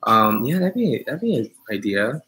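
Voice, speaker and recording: A man's voice: medium pitch, sing-song, normal speed, sharp tone. A man who is a dog groomer, chatting on a live stream, joking and teasing viewers as he rambles with many fillers.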